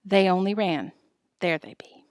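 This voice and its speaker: A woman plays a proud young farm boy, confident and bossy, shouting commands to his team. The reading sits close to the mic in a dry room. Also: lowish voice, a little slow, clear, resonant tone, no echo, natural voice.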